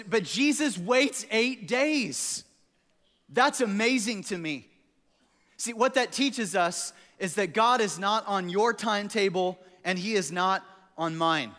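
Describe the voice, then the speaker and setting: A man preaching as a pastor, telling stories animatedly and acting out quotes for laughs. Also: sits high. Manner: animated, jokey storytelling with acted-out quotes. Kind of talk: sermon. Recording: echoey hall.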